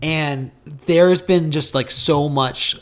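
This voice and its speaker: Excitable young man chatting about games. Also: fairly high pitch, slow pace. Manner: excitable, rambling with fillers. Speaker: podcast co-host. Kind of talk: casual chat about video games.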